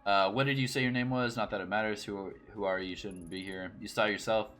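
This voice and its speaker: A man's voice: lowish voice, steady tone, quick pace, a bit bright, soft background music, natural voice. A man voicing a suspicious, haunted old grandmother in a game, speaking curtly and defensively. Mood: hostile. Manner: curt and defensive, turning weary. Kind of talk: reading game dialogue aloud.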